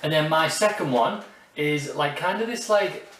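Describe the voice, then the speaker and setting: A man co-hosting a casual haul video, laid-back and chiming in with quick agreements. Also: on the high side, a bit bright, a little hiss or hum. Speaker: YouTube co-host. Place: warm indoor room. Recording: roomy echo, distant mic.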